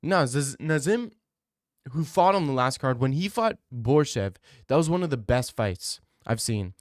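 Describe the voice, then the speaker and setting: A man's voice: medium pitch, expressive, a little slow, dry recording, clean studio sound. A young man streaming, chatting casually as he reads his live chat, rambling and opinionated, repeating himself.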